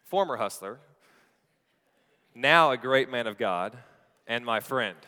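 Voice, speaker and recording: A man's voice: mid-range voice, lively intonation, takes it slowly, pushed and bright, clear, resonant tone, big-room sound. A man preaching a sermon in a church, telling a story with playful asides to the congregation. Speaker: pastor. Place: church sanctuary.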